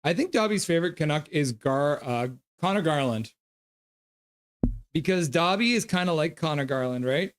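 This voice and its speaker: A man's voice: on the high side, animated, normal speed. A man hosting a live stream. He reads viewer comments aloud, gives loose play-by-play, and coos at his dog. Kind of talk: casual live game reaction and chat reading.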